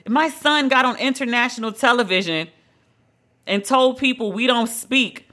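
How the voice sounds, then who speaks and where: A woman's voice: on the high side, normal speed, fairly bright tone. A woman hosting a solo podcast, talking in a blunt, emphatic, conversational way and drawing out the words she stresses. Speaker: podcast host.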